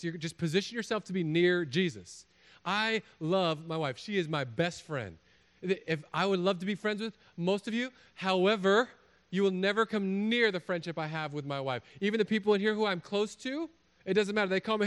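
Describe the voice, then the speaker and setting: Male pastor, sermon, jokey storytelling, slightly high voice, acts out bits. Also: normal speed, a bit bright, clear, resonant tone.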